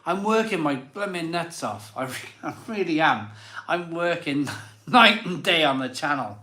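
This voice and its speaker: Man, tipsy, rambling host chat, bright tone. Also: a little high, lively intonation, a little slow, roomy sound. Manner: rambling and self-doubting, many fillers and restarts. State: a bit drunk. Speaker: host of a live beer show. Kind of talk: casual live-stream chat.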